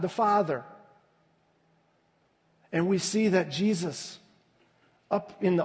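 A man preaching a sermon as pastor, in a measured way with soft, hushed dips. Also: high-pitched. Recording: reverberant hall.

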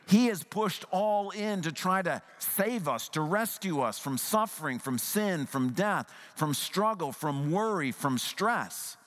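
A man preaching a sermon as a pastor, earnest and conversational, at times dropping to a soft, hushed voice. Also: on the high side, big-room sound.

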